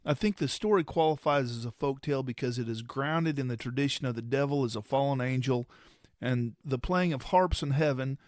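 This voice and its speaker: A man co-hosting a podcast, explaining ideas in a conversational, measured way. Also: mid-range voice, no echo, studio quality. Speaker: podcast co-host. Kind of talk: casual explanatory discussion.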